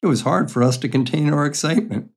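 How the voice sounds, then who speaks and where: A man's voice: a little high, quick pace, slightly rough. An older man reading his own memoir stories aloud in a dry, matter-of-fact, wry way. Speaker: memoir storyteller.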